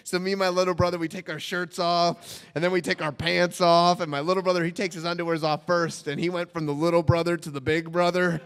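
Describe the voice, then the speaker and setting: A young man telling a comic true-life story on stage, animated and self-mocking, often laughing and trailing off in fillers. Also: high voice, brisk, smooth. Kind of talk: live comedic storytelling. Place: stage in a hall before an audience. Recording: reverberant stage hall.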